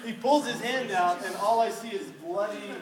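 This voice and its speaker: A young man preaching to a youth group, telling a lively story with laughter and questions for the listeners. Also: high voice, normal speed, a loud crowd. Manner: animated, laughing storyteller who quizzes listeners. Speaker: youth pastor. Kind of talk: storytelling sermon. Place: hall with a live audience. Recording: roomy, distant, noisy room recording.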